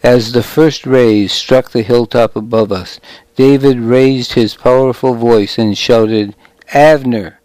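A man reading a first-person story aloud in a measured, dramatic way. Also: mid-range voice, fairly even intonation, darkish tone, no echo, poor audio. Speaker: audiobook narrator.

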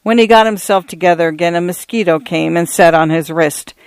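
A man narrating a story in a measured, even audiobook reading. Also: fairly high pitch, clean tone, no echo.

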